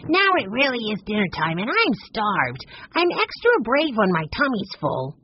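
A narrator voicing a hungry, jumpy young boy who talks in a shaky, squeaky way. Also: wildly swooping pitch, normal speed, slight background noise. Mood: jittery. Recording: dull, slightly lo-fi recording.

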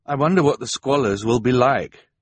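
A man's voice: mid-range voice, moderate pace, a little hiss or hum, pitched above the performer's own voice, close to an everyday voice. A man voicing a bookish, tired teenage boy, the middle sibling, thoughtful and mild. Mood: weary.

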